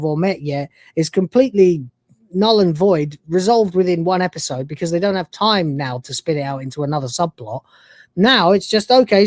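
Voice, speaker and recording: A man's voice: high-pitched, a little mellow, dry recording, clean studio sound. A man hosting a live review stream, ranting and swearing in exasperation. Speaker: host.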